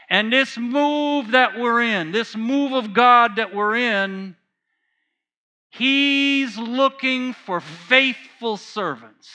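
A man's voice: very high-pitched, bright, forceful tone. A man preaching a sermon, telling a personal story with earnest feeling and repeating phrases for emphasis. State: choked up while reading.

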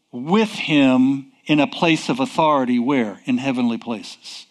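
Slow, emphatic male preacher. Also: medium pitch. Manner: slow, emphatic, asks rhetorical questions and answers them. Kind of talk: sermon.

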